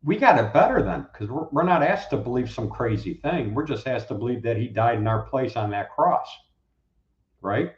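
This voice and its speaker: Animated preaching man, roomy dull sound. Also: mid-range voice, normal speed. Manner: animated, acts out quoted speakers. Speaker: guest, Bible teacher. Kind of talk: casual conversational preaching.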